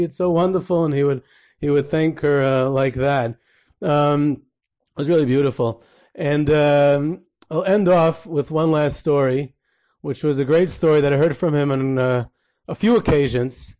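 Storytelling male podcast host, mellow voice. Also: on the high side, normal speed. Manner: anecdotal, many fillers, Yiddish phrases. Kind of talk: storytelling talk.

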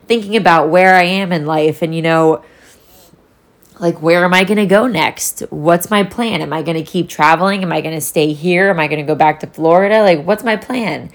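A woman's voice: lowish voice, normal speed. A young woman talking candidly in a solo vlog, rambling and swearing freely as she reflects. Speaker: vlogger. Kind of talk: casual solo vlog talk.

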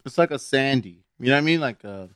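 Male co-host, easygoing, laughs a lot, mid pitch, dry close sound. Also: animated, quick pace, fairly bright tone, no echo. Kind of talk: casual chat.

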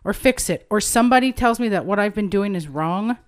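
A woman's voice: mid-range voice, animated, brisk, dry recording, studio quality. A woman in her late thirties co-hosting a casual podcast, chatty, swearing freely as she tells stories. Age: late 30s. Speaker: podcast co-host.

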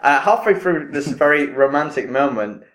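A man who is a stand-up comedian, chatting casually in a halting way with many fillers. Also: a little high, expressive, fairly bright tone, reverberant. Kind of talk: casual chat.

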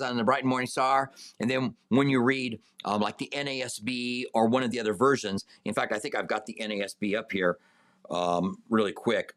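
In an unhurried Bible study, a man responds to viewer questions, full of fillers and restarts. He speaks in a mid-range voice and raises it with emphasis for scripture passages.

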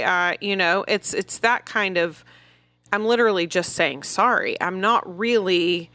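A woman's voice: medium pitch, sharp tone, no room sound. A woman co-hosting a parenting podcast, chatting candidly about her own habits. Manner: candid, chatty, quick to laugh along. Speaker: podcast co-host. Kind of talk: casual podcast discussion.

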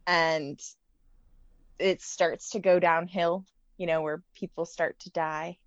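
A woman's voice: fairly low pitch, flat delivery, takes it slowly, no echo, lo-fi sound. A woman who is a guest on a podcast, chatting casually and playfully. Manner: laughs often, playful. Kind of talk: casual chat.

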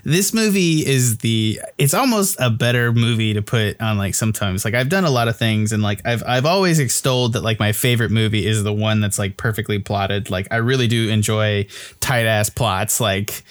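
Rambling male podcast host. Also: on the low side. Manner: rambling, self-interrupting, apologetic, laughs often. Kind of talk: casual film review chat.

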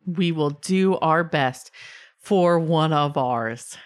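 A soft-spoken crime family patriarch, as a woman puts him on, slow and fatherly in a tabletop game. The voice sits low for a woman. He reassures rather than threatens. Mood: paternal. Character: calm paternal male crime family boss.

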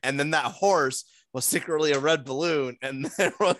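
A man's voice: on the high side, normal speed, a bit bright, no echo. Man talking, dry close sound. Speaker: podcast co-host. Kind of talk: casual chat.

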